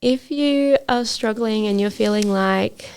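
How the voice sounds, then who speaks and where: A woman's voice: fairly high pitch, measured pace, a little mellow, clear, resonant tone. A woman hosting a solo podcast as a trades coach, talking in an earnest, motivational way with frequent fillers.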